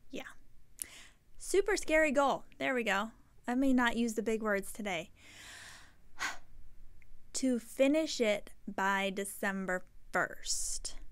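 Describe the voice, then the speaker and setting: Woman, podcast host, casual chat, rambling, self-correcting, slightly high voice.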